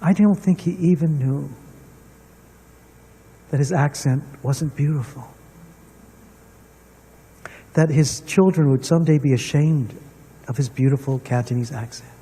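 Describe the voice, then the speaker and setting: Middle-aged man, symposium speaker, personal storyteller, soft husky voice, long hall reverb. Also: a little high, unhurried, long pauses. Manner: storytelling, personal and earnest, addressing the room. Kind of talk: reflective public talk to an audience. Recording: distant mic in a reverberant hall.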